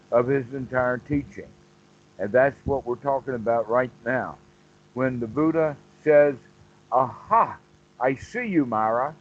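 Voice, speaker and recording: A man teaching meditation on a call, explaining slowly and repeating phrases as he goes. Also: mid-range voice, highs cut off. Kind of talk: dharma talk on a call.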